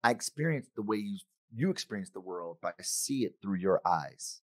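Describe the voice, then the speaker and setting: Middle-aged guy giving a keynote, super lively pitch, dry close sound, acts out little voices. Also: normal speed, dry recording. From United States. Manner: animated, acts out quoted voices of friends and himself. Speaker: conference speaker. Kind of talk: keynote talk.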